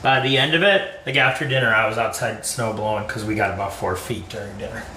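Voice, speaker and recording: A man's voice: on the low side, fast, background noise. A man co-hosting a podcast, chatting casually and telling stories while cooking. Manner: chatty, jokey storyteller with animated quoted voices. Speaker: podcast co-host. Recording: echoey room, distant mic, faint ambience.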